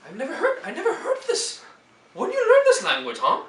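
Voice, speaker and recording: A man's voice: very high voice, huge pitch swings, fairly quick, vocal fry, fairly bright tone, pitched above the performer's own voice, exaggerated voice. A man voicing a strict, angry middle-aged dad who scolds in broken English. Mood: scolding. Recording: echoey and distant with faint noise.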